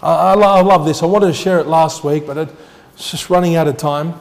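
A male pastor preaching a sermon with emphatic swings between loud declarations and quiet asides, often putting rhetorical questions to the congregation. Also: steady tone, normal speed, big-room sound. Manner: emphatic, rising to loud declarations then dropping low.

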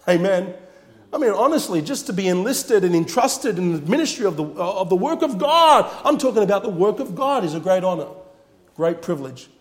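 A man's voice: sits high, in a large hall. A man preaching a sermon with emphatic repetition, reading scripture passages aloud. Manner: emphatic, repeats phrases, reads scripture aloud.

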